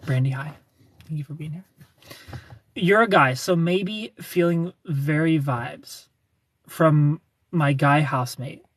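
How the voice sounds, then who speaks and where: A man's voice: a little high, slow, pauses often, fairly bright tone, dry recording. A man hosting a casual livestream, greeting viewers by name, reading their comments aloud and teasing them with frequent laughs. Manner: chatty, reads viewer names and comments aloud. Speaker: livestream host.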